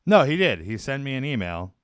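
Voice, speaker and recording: A man hosting a prank call show, delivering bad news in a deadpan, hesitant way. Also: medium pitch, brisk, clean tone, no echo, clean studio sound. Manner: deadpan and hesitant, many fillers.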